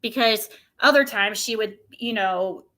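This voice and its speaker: A woman's voice: mid-range voice, a little slow, bright, forceful tone. A woman streamer chatting casually to her viewers, rambling, with many restarts. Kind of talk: casual chat.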